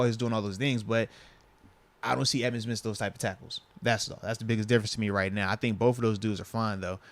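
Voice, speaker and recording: A man hosting a casual sports podcast, relaxed and slangy, talking into a lapel mic. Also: mid-range voice, no room sound. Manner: laid-back, slangy, says "bro" and "man". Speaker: podcast host.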